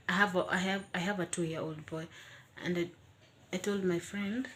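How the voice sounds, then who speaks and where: A young woman telling a personal story in a casual vlog, animated and expressive, often acting out her own reactions. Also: on the low side, normal speed, slight background noise. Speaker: vlogger.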